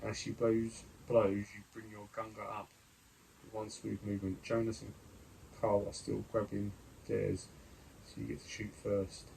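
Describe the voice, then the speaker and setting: A man plays through a gamebook, reading the story aloud and stopping to talk through his dice rolls and choices. His voice is on the low side and has a gravelly rasp. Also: monotone, a little slow, mellow, slight background noise, rough recording. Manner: reads narration, then comments on dice rolls and choices with fillers. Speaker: gamebook player and reader.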